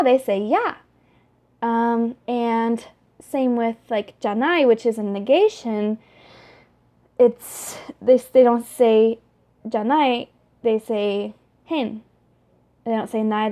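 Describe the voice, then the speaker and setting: A young woman talking casually to the camera in a vlog, chatty and animated, with many fillers and restarts. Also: fairly high pitch. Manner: animated, talks with her hands. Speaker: vlogger.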